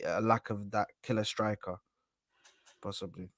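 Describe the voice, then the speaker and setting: A man hosting a live football reaction panel, animated and talking over the others with lots of "bro". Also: lowish voice, measured pace, no echo, clean studio sound. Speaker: host of an Arsenal reaction stream. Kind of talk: casual live panel chat.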